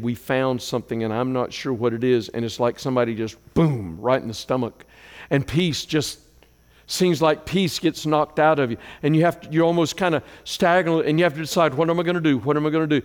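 A man preaching a sermon as a pastor, moving between loud declarations and hushed prayer. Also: mid-range voice, normal speed. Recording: long hall reverb.

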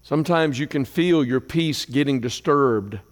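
A man preaching a sermon as a pastor, moving between loud declarations and hushed prayer. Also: medium pitch, a little slow. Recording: long hall reverb.

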